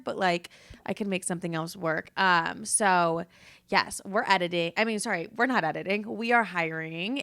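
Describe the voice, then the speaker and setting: A young woman hosts a podcast, rambling casually and confessionally while teary from having just cried, and she swears freely. Her voice is medium in pitch and a bit bright.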